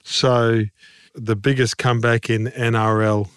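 A man's voice: mid-range voice, little pitch movement, a little slow, fairly bright tone, clear, resonant tone, no echo, clean studio sound. A man co-hosting a rugby league podcast, giving blunt, passionate opinions in casual chat. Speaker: podcast co-host, former rugby league player. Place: podcast studio.

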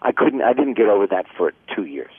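A man's voice: on the low side, big pitch swings, brisk, a crowd in the background. An older man chatting casually as a guest, telling stories and jokes. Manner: chatty, jokey storyteller. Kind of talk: casual chat. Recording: tinny phone line.

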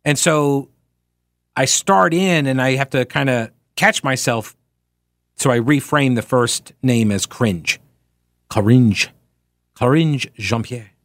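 A man hosting a talk radio show, reading listener mail aloud and answering it in a sarcastic, mocking, animated way. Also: mid-range voice, slow pace, dry recording, studio quality.

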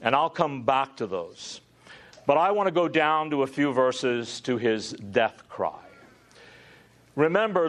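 Slow, intense male preacher. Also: medium pitch, expressive. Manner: dramatic swings from hushed to loud climaxes. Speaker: pastor. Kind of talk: sermon.

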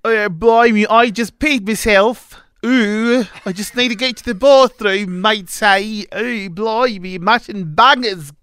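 A radio co-host voicing a goofy, over-the-top English character underneath. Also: male voice, high-pitched, measured pace, few pauses, fairly bright tone, clear, resonant tone, voice pushed up. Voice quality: bouncy, put-on exclamations. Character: man doing an exaggerated silly English accent.

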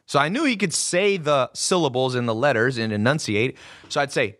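A man hosting a podcast, talking to guests across a table in a brash, animated way and swearing freely. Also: mid-range voice, moderate pace. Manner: brash, profane, animated storyteller. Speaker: podcast host. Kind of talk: motivational talk with guests.

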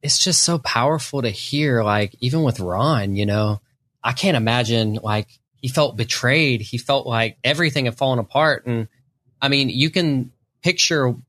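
A man's voice: mid-range voice, moderate pace, a bit bright, no echo. A man hosting a faith interview, reflecting back on his guest's story with empathy. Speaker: interview host.

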